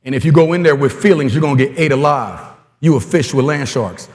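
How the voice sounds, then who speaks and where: A guest speaker from Congo addresses coaches at a clinic with a no-nonsense, streetwise motivational talk, heavy on stories and slang. His voice is medium in pitch and fairly quick, and the sound is that of a big room.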